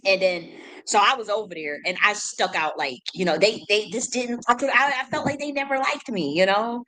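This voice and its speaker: A woman's voice: mid-range voice, moderate pace, bright, forceful tone, low-quality recording. A woman from the United States hosting her own channel, talking in a loose, rambling monologue and laughing often between thoughts. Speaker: spiritual reader and channel host. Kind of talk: casual unscripted monologue.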